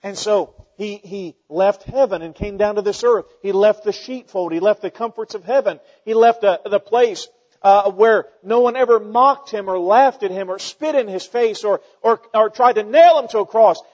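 A man preaching a sermon, telling stories and swinging between loud emphatic peaks and quiet asides. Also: sits high, moderate pace, big-room sound, highs cut off.

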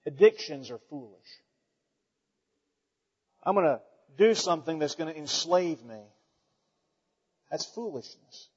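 A man preaching a folksy, animated sermon to his church, swinging between loud declarations and quiet asides. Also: a little high, measured pace, pauses often, breathy edge. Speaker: pastor. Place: church sanctuary. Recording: dull sound with long hall reverb.

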